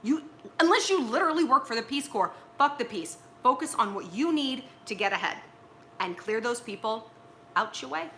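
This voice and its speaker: A woman's voice: a little high, expressive, normal speed, pushed and bright, a little hiss or hum. A woman from Los Angeles hosting a casual advice livestream from home, blunt and swearing freely. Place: at home with pillows and tea.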